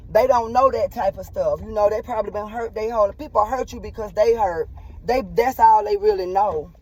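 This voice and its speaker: A woman's voice: a little high, a little mellow, a little hiss or hum, low-quality recording. A woman telling a personal story and giving earnest, preachy life advice in a heartfelt vlog, repeating herself and checking in with "okay?". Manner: repeats and restarts phrases.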